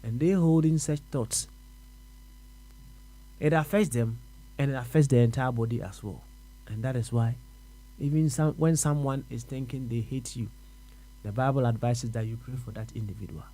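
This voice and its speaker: A man with a Ghanaian accent hosting a radio question-and-answer show, musing aloud, repeating words and answering himself with soft uh-huhs. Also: mid-range voice. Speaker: radio host. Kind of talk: reflective radio talk.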